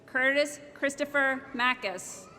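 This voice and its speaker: High-voiced woman slowly reading names. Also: a little hiss or hum. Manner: slow, measured name-by-name announcing. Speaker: commencement name reader. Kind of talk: reading graduates' names at a ceremony. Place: large ceremony hall. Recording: echoey hall with loud crowd ambience.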